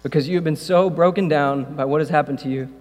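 A male pastor giving a casual sermon, talking conversationally with jokey asides and building to loud, passionate preaching. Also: fairly high pitch, quick pace. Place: church room. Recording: long hall reverb, mains hum.

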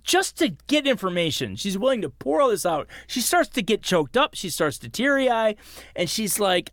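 Excitable man in his forties retelling scenes. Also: high-pitched, normal speed, no echo. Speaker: podcast co-host. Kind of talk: casual film discussion.

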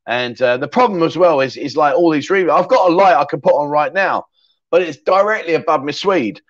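A man's voice: fairly high pitch, a little fast, no echo, muffled recording. A man hosting a casual livestream chat show from his home, reading out viewer comments with rambling, self-mocking banter. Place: home room with a fridge behind him.

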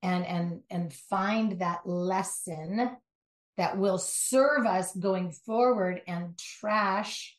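A middle-aged woman from Southern California, a life coach speaking as an interview guest, emphatic and animated, with quick asides. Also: mid-range voice, roomy sound. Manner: animated, emphatic storytelling with asides and mock voices. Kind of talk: conversational interview.

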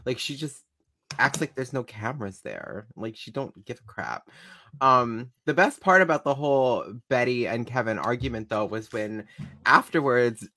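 A woman in casual chat, excitedly rambling through a recap. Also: rumbling low, normal speed, no room sound.

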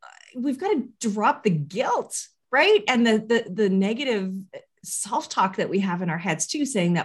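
A woman's voice: a little high, big pitch swings, normal speed, husky. A woman parenting coach talking in a casual conversation, earnest and often checking in with "right?". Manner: earnest, keeps asking "right?".

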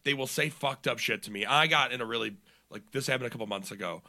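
A man's voice: mid-range voice, fast, bright, forceful tone. A young adult male comedian, a guest chatting casually on a podcast, telling rambling, profane stories full of fillers.

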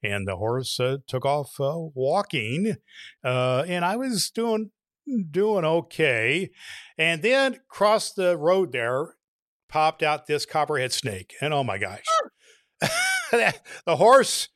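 A man with a fairly high speaking voice tells a long story in a relaxed, folksy way and stretches the setup out. He sometimes bursts into loud shouted lines. The sound is dry and close to the mic. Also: no room sound. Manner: folksy, drawn-out joke telling with loud shouted punchlines. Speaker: co-host telling a joke. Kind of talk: casual storytelling.

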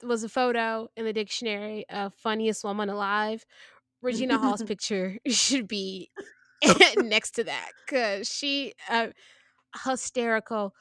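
A woman's voice: fairly high pitch, a little slow, a bit bright, no echo, studio quality. A woman co-hosting a podcast, chatting casually and enthusiastically about a film, laughing often. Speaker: podcast co-host. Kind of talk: casual film review chat. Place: living in a big city.

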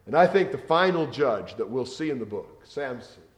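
A man teaching a Bible lesson in sermon style, moving between loud emphatic reading and a soft, lowered voice. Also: sing-song, moderate pace, reverberant.

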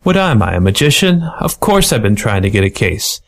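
A man voicing a small, sardonic male ferret private eye with a hardboiled, fast-talking manner. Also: fairly low pitch, big pitch swings. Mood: wry.

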